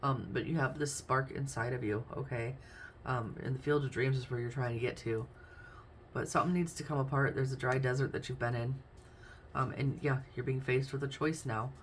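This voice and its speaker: A woman's voice: rumbling low, steady tone, a little fast, slight background noise. A woman doing a casual tarot reading, chatty and thinking aloud as she names each card. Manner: chatty, thinks aloud while naming cards. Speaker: tarot reader.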